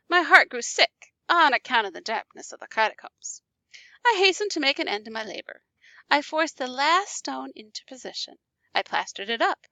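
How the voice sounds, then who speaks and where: A woman's voice: sits high, normal speed, no echo. A woman teacher reading a classic story aloud and explaining it in casual asides. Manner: animated, casual asides checking in with listeners.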